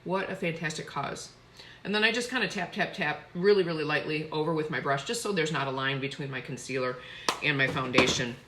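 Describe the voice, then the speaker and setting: A woman's voice: low-pitched, brisk, bright, forceful tone. A woman chatting effusively while doing her makeup on a live stream. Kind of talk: casual live makeup tutorial.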